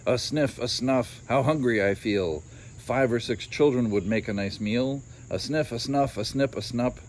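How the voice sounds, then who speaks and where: A man's voice: mid-range voice, unhurried, slight background noise, natural voice. Storybook ogre, male, hungry and growly, voiced by a man reading aloud. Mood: gloating chant. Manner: growling, gloating.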